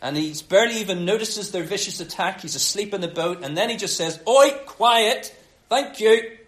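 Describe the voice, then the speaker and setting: A man preaching a sermon, telling the story with animated acted-out quotes. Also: sits high, quick pace. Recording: roomy echo.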